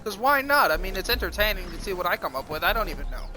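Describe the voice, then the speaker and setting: A man's voice: high-pitched, sing-song, fast, bright, forceful tone, slight background noise. A man streaming live, ranting in a profane, defiant and self-mocking way. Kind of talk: rambling livestream monologue.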